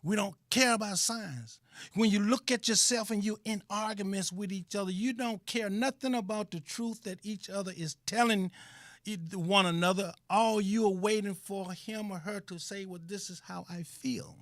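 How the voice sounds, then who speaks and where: A man's voice: sits high, steady tone, normal speed, fairly bright tone, no echo, clean studio sound. A man hosting an online talk radio show, holding forth in an emphatic, preachy monologue that repeats phrases for stress and turns blunt and profane at times.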